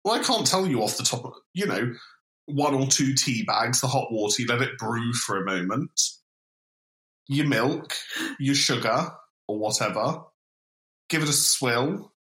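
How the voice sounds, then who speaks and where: Male co-host, dry deadpan humour, swooping intonation, roomy echo on the mic. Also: medium pitch, unhurried. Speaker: podcast co-host. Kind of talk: casual podcast chat. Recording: echoey room.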